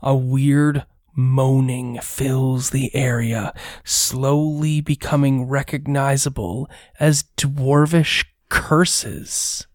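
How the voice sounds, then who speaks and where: Slow, measured game master narrator. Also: mid-range voice, level tone, darkish tone, no room sound, clean studio sound.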